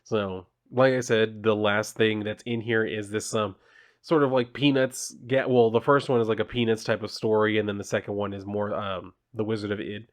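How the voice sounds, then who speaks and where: A man's voice: lowish voice, flat delivery, normal speed. A man casually summarizing and reviewing a comic issue, talking in a loose, offhand, informal way.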